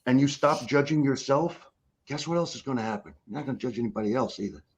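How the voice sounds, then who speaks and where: A man's voice: mid-range voice, fast, lo-fi sound, crowd noise. A middle-aged man, a guest life coach, giving an emphatic motivational talk on a call, repeating key phrases for effect in a blunt, casual way.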